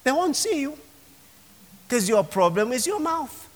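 A pastor with a high, ringing voice preaches with emphasis, calling out to his congregation and drawing their replies. His words carry a long reverb through a large church hall. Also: big pitch swings, a little slow. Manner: emphatic preaching with call-and-response. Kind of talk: sermon. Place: church sanctuary.

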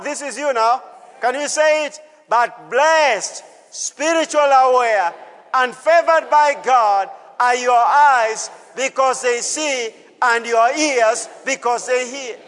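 In a church hall with long reverb, a male pastor preaches a sermon using call-and-response, exhorting his congregation and repeating his phrases. His voice sits high and has a fairly bright tone.

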